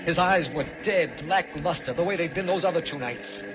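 A man's voice: on the high side, normal speed, background noise. A man narrating in the first person with a tense, haunted delivery, in an old-time radio drama. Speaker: narrator and lead. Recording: muffled old radio recording with music.

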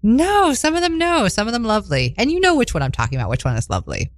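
Young woman telling a lively story. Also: a little high, fast talker, no echo, studio quality. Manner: animated, laughs often, acts out quotes. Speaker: podcast co-host. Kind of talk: casual chat, storytelling.

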